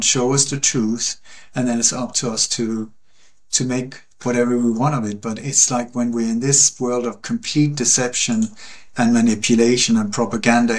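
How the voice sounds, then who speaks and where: Guy, earnest and emphatic, repeats stuff for weight, mid-pitch voice on a call. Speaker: interview guest. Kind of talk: passionate conversational monologue.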